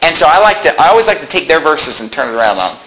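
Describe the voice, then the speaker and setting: Bright-voiced man preaching a lively sermon. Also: a little high, racing, slight background noise, rough recording. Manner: animated storytelling, acts out voices in anecdotes; reads Bible verses in King James wording.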